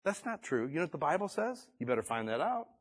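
A man's voice: a little high, very animated, fast talker, husky. A male pastor preaching a conversational sermon, reading scripture and building to emphatic exhortation.

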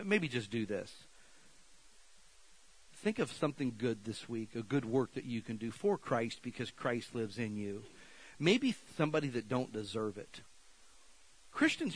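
A male pastor preaching to a church congregation in a folksy, down-to-earth way. His voice swings widely in pitch, climbing high and loud when he urges people on and dropping low and soft when he prays. The talk stays conversational, with plain, casual phrasing. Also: husky, poor audio. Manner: animated, rising to shouted exhortations, then quiet prayer. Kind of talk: sermon. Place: church sanctuary.

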